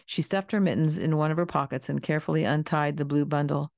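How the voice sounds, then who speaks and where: A woman narrating a children's novel in a calm, steady storybook reading. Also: deep voice, fast talker, vocal fry, dry recording, studio quality. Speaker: audiobook reader.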